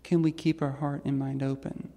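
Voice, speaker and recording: A trans woman telling a personal story on stage to an audience in a reflective, gentle way. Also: a bass voice, flat delivery, normal speed. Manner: reflective and gentle, with soft laughs. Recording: long hall reverb.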